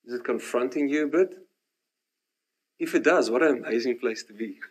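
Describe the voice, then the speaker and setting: A man, preaching a sermon and telling his own story, animated in the dramatic parts and hushed in the reflective ones. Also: mid-range voice, normal speed, husky. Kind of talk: sermon with personal testimony.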